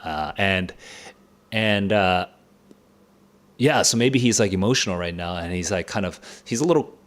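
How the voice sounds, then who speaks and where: A man streaming a casual live reaction to a play, halting and excitable, laughing often as he talks it through. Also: low-pitched. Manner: casual slangy commentary. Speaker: book club streamer.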